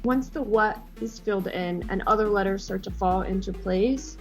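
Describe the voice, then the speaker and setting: A woman's voice: medium pitch, normal speed, a little mellow, faint music behind. A woman, a reality competition contestant, describing her panic during a puzzle in a confessional interview. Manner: anxious, self-critical.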